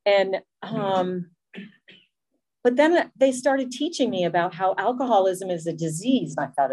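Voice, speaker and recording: A woman's voice: mid-range voice, expressive, unhurried, a little mellow, poor audio. A woman giving a candid, self-deprecating personal testimony about her recovery. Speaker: speaker sharing a recovery story.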